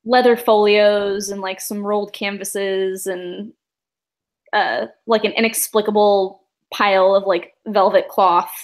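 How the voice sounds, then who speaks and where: A woman's voice: mid-range voice, fairly even intonation, unhurried. A woman narrating a tabletop game as game master, in a casual, rambling way with many fillers and laughs.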